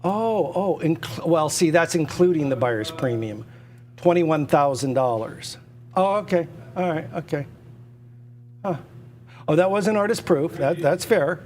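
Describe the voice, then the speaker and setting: A man's voice: a little high, expressive, a little slow, a little mellow, a little hiss or hum. Pushy, stammering male auctioneer. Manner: repetitive, pushy salesman patter with stammered restarts. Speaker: auctioneer and livestream host. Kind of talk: live online auction sales pitch. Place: indoors at a computer.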